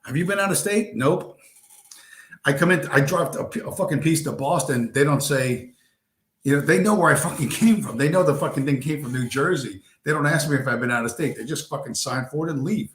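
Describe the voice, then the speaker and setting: A man's voice: a little high, a little fast, fairly bright tone. A man hosting a late-night livestream, ranting bluntly and crudely at his viewers from a home room, his voice getting worn. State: losing his voice. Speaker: livestream host. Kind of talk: profane late-night stream rant. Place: home room with a squeaky chair. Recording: roomy echo.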